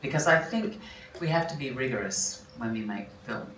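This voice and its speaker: At a festival talk in a large hall, a film actress answers interview questions onstage as a guest, reflecting and often restarting and correcting herself mid-sentence. Her low voice is expressive, at normal speed with hardly any pauses. The recording is very noisy, roomy and distant-miked with faint ambience.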